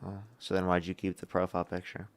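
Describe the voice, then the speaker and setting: A young man hosting a live political call-in debate, combative and incredulous with quick retorts. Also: deep voice, monotone. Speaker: livestream debate host.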